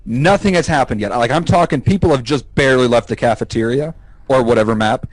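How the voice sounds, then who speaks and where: A man co-hosting a podcast, telling stories in an animated, profane, casual way and laughing as he goes. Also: mid-range voice, fairly quick, dry recording, rough recording. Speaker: podcast co-host. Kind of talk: casual storytelling chat.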